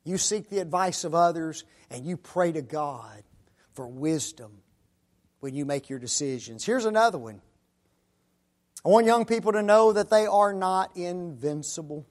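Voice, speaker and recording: A man preaching a sermon who asks rhetorical tag questions and swings between loud declarations and hushed asides. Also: a little high, lively intonation, measured pace.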